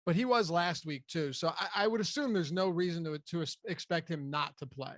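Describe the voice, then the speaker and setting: A man hosting a fantasy football talk show in casual, conversational analysis. His voice sits a bit high for a man, and the sound is close and dry. He restarts his sentences often. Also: fairly quick, a bit bright, no echo. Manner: conversational, loose with frequent restarts. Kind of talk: casual sports analysis chat.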